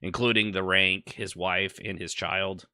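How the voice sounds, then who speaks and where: Deep-voiced man hosting a casual podcast. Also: fairly even intonation, unhurried, sharp tone, clean tone, no room sound. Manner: rambling, recounts game events with fillers. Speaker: podcast host.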